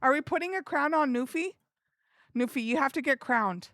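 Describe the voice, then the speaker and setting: With a high, fairly bright voice and lively intonation at normal speed, a young woman hosts a livestream. She's giggly and chatty, talking to viewers and to herself while working, on a dry, clean studio recording.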